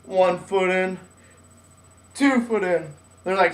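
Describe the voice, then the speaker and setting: A young man with a high-pitched voice tells a personal story casually and at a slow pace, animatedly acting out other people's lines in their voices. The room is echoey and the mic is some distance away.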